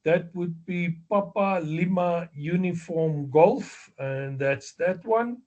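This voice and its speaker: A man with a South African accent giving a slow, deliberate exam review lecture, explaining step by step with fillers and self-corrections. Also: a little high, darkish tone. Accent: South African English. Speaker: amateur radio exam instructor.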